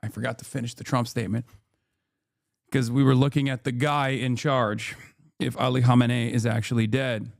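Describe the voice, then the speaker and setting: A man's voice: mid-range voice, little pitch movement, moderate pace, gravelly, no echo. A man in his thirties doing live political commentary as a streamer, sarcastic and profane, ranting on a close mic.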